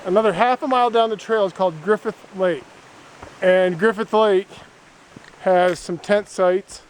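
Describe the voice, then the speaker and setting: Solo hiker vlogging outdoors; chatty, joking man with a somewhat high voice, light background hiss. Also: a little slow. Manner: chatty, playful, rambling. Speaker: solo hiker filming his trip. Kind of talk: casual trail vlog. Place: outdoors by a lake in woods.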